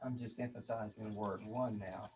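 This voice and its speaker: A man's voice: fairly low pitch, steady tone, normal speed, a little mellow, a little hiss or hum. Rambling man giving a spiritual talk. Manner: rambling, repeats words, chuckles often. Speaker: spiritual teacher.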